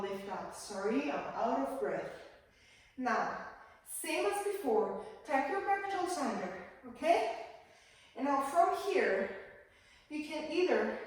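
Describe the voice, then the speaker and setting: A woman teaching a yoga class, calmly cueing breath and movement in a gentle, guiding manner. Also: fairly high pitch. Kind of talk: guided yoga class instruction. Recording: echoey room, voice from far off the mic.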